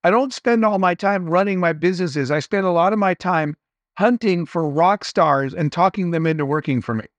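High-voiced man telling business stories. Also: normal speed, no room sound. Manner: earnest, anecdotal, motivational. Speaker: entrepreneur guest. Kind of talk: conversational interview storytelling.

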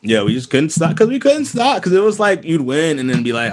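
Guy, podcast host, lively swooping delivery, heated and profane. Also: fairly high pitch, brisk. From Boston area. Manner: animated, heated, many restarts and profanity. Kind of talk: casual chat.

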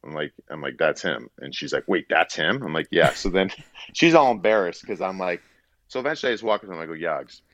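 A middle-aged man with a very deep, low voice tells a rambling story and acts out the quotes. The sound is dry and a little muffled. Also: brisk, no room sound. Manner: rambling, animated anecdote telling with acted-out quotes. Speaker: guest, former hockey player turned broadcaster. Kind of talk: casual storytelling in an interview.

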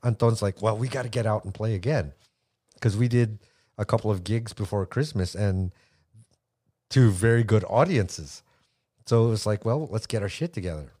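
A middle-aged American man, a musician guest on a podcast, telling relaxed stories and laughing often. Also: fairly low pitch. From United States. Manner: relaxed storyteller, laughs often, swears casually. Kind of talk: casual chat.

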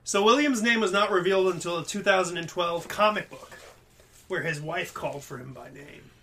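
A man's voice: sits high, fairly quick, a bit bright, a little hiss or hum. A man co-hosting a comedy podcast, laying out trivia and teasing his co-host in casual chat. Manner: explains trivia, teasing and upbeat. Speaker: podcast co-host presenting picks.

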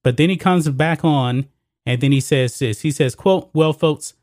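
A man's voice: medium pitch, moderate pace, darkish tone, no room sound. A man gives casual sports commentary straight to his audience in a mid-range voice. He keeps calling his listeners guys and folks as he talks. The sound is dry and close, with no room around it. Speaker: sports commentary channel host. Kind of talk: casual opinion commentary to camera.

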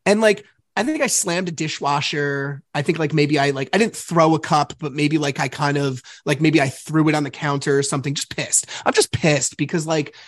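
A woman's voice: low-pitched, moderate pace, no room sound. A woman hosting a podcast, talking casually and animatedly, swearing freely as she recounts events. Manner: animated, swears freely, acts out arguments in quotes. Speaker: podcast host. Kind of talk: casual recap conversation.

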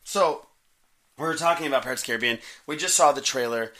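A man's voice: medium pitch, quick pace, pushed and bright. A young man co-hosting a podcast, rambling and telling jokes in casual chat. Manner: joking, rambling storyteller. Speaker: podcast co-host.

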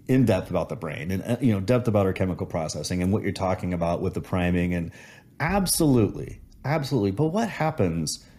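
A man's voice: low voice, big pitch swings, fast, darkish tone. A man in casual conversation, reflecting on gratitude and telling a story with many restarts.

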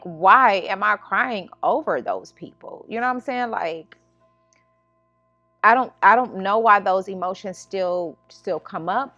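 A woman's voice: medium pitch, fairly bright tone, dry recording. A woman hosting her own self-help podcast as a life coach, talking in a casual, earnest way with many restarts and "you know what I'm saying". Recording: slightly dull lo-fi sound.

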